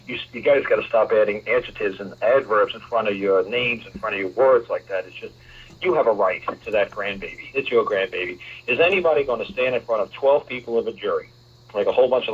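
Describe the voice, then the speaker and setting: A man's voice: fairly low pitch, slightly rough. A man hosting a talk radio show, lecturing a caller in an emphatic, repetitive way. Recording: muffled lo-fi radio broadcast.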